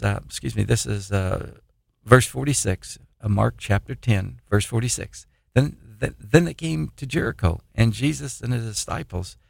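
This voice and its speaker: A man giving an informal sermon on his own program, reading scripture haltingly and pressing listeners with repeated questions. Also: mid-range voice, gravelly, darkish tone, breathy edge, dry recording, clean studio sound. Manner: halting, restarts and "uh" while reading verses, then urgent repeated questions.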